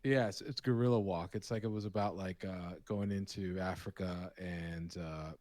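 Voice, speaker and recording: A man with a very low voice chats casually as co-host of a live painting stream. He tells rambling stories with lively restarts. The sound is close and dry. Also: normal speed, dry recording. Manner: rambling, animated storytelling with restarts. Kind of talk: casual chat.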